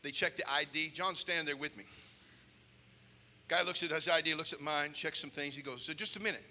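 Male pastor, storytelling sermon; bright, piercing tone, long church reverb. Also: a little high, normal speed. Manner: animated, acts out voices and shouts.

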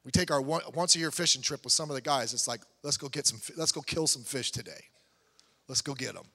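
A man preaching a sermon in a conversational, animated way, building to emphatic peaks. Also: medium pitch, quick pace. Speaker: pastor. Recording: long hall reverb.

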